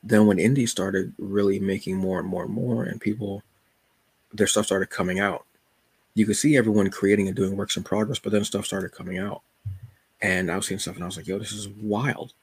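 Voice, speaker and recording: A man with a fairly low, husky voice talks loosely and jokingly as a podcast host, like he is chatting with friends. The sound is dry and close, with no room around it. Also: level tone, brisk, no room sound. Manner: laid-back, joking, colloquial. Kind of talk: casual solo chat.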